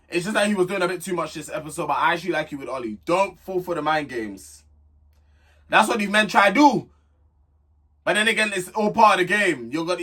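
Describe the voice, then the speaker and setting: Talking straight to camera, a young man gives a blunt recap of a reality TV show in a chatty review vlog, often restarting as he goes. He has a slightly high, bright voice with a forceful tone.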